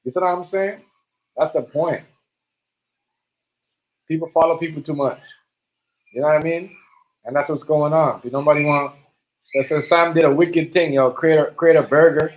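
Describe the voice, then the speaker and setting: A man streaming a casual monologue, talking in animated street slang and repeating himself. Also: on the high side, lo-fi sound.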